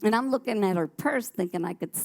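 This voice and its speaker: Gravelly-voiced woman telling her testimony. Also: mid-range voice, quick pace. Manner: vivid, animated storytelling with frequent restarts. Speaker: guest sharing her testimony. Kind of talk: personal testimony on a church talk show.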